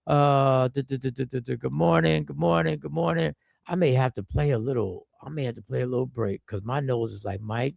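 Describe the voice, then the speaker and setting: Congested from a cold, a man hosts a casual live stream, greeting viewers by name while he riffs and repeats himself. His voice is medium-pitched, gravelly, and a little mellow, captured at studio quality without room sound.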